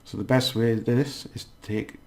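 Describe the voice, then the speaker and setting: Male language tutor, patient and deliberate, gravelly, sounds out each syllable. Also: medium pitch, fairly even intonation. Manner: patient, repeats words slowly syllable by syllable. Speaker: Spanish language teacher. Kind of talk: casual spoken language lesson.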